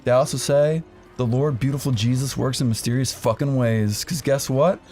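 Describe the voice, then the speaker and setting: A young man telling a crude comic story on a podcast, animated and full of swearing. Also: mid-range voice, normal speed, music in the background. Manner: animated, swears a lot, acts out quotes. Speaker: podcast co-host.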